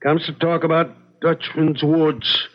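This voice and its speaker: A stubborn backwoods old-timer. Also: male voice, on the high side, little pitch movement. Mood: grumbling. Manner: folksy backwoods drawl, unhurried. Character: older rural man, evasive and stubborn. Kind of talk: radio drama acting. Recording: dull lo-fi radio recording.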